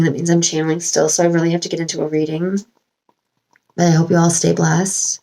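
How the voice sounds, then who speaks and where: Her voice is on the low side, creaky and dark, with a flat, brisk delivery over a rough recording. She's a spiritual channeler giving a casual, wandering home-vlog monologue, thick with fillers and restarts.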